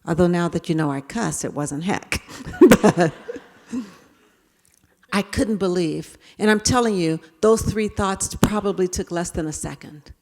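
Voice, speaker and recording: A woman speaker giving a talk, telling a personal story with animated voices for herself and others. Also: lowish voice, measured pace. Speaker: keynote speaker. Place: large hall. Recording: reverberant hall.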